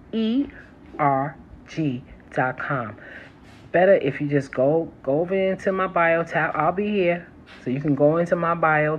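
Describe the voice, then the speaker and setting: Chatty New Yorker on a phone live stream. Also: mid-range voice. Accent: New York. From New York. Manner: chatty, laughs often, says "y'all". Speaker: herbalist hosting a live stream. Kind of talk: casual live-stream chat. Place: city home near a train line. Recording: slightly muffled with faint city noise. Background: faint trains and street sounds.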